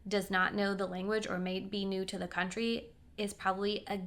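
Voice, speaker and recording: A young woman casually telling personal stories to her viewers in a chatty, animated way, with asides and quoted voices. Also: medium pitch, normal speed. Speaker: vlogger. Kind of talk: casual storytelling.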